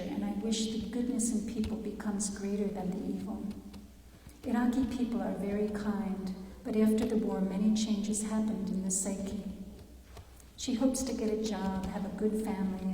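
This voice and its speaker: A woman speaks earnestly and slowly at a public talk, her voice soft and mellow. She is recorded from a distance, and her words ring out with long reverb through a large chapel. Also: mid-range voice, fairly even intonation, a little hiss or hum. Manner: earnest, measured, with pauses and restarts. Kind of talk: reflective public talk reading quotes. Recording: echoey chapel from far off.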